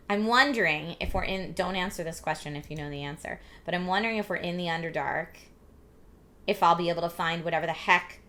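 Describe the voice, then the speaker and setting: A woman in her forties with a slightly husky, scratchy voice and a lingering cough, hosting a casual live stream and reading viewer chat aloud. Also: fairly low pitch, pushed and bright. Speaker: streamer host.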